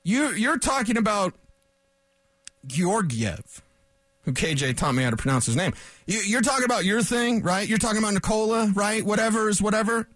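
Sports radio host, male, opinionated rant, high pitch, dry close studio sound. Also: quick pace, dry recording. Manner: animated, opinionated ranting. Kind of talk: sports talk radio monologue.

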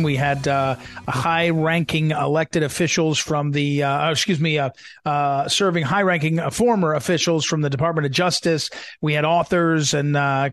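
High-voiced emphatic male talk host. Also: no echo. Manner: animated, emphatic, many fillers and restarts. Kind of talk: political talk show monologue.

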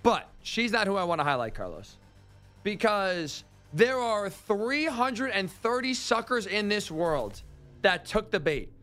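High-voiced man ranting on sports radio. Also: very animated, measured pace, fairly bright tone, faint music behind. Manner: incredulous, ranting storyteller. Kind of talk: sports talk radio chat.

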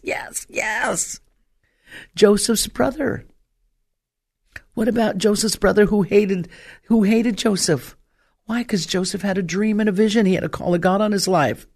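An older woman evangelist preaching with force. She fires off rhetorical questions and lands her points with emphasis, her voice climbing to loud peaks. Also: mid-range voice, creaky. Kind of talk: sermon.

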